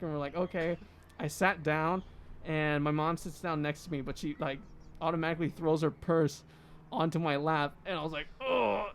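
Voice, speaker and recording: A man's voice: on the high side, a little hiss or hum. A young man in his twenties, co-hosting a podcast, telling a story in casual chat and acting out what others said. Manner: animated, laughing storyteller acting out quotes. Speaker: podcast co-host.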